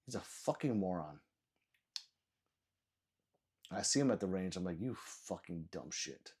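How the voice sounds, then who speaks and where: A man's voice: fairly low pitch, darkish tone, breathy edge. A sleepy man live-streaming, ranting with lots of swearing and mocking, then reading chat messages aloud.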